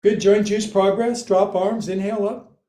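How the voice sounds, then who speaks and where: A man's voice: high-pitched, level tone, moderate pace, mellow. A man teaching a livestreamed yoga class, counting and cueing moves with playful jokes. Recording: roomy, echoey room.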